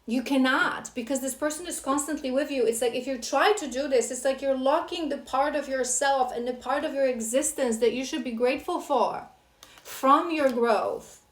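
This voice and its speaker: A woman's voice: sits high, moderate pace, reverberant. A woman doing a spiritual tarot reading for her viewers, earnest and scolding by turns, with emotional asides. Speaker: tarot reader.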